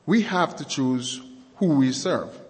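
A man preaching a sermon, speaking slowly and deliberately and repeating key words and definitions for emphasis. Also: mid-range voice, animated, in a large hall.

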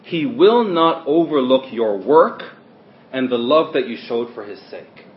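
A man's voice: mid-range voice, lively intonation, a little slow. Emphatic male preacher in a roomy hall. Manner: emphatic, swings between loud stresses and quiet asides. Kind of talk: sermon. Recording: roomy, dull lo-fi sermon recording.

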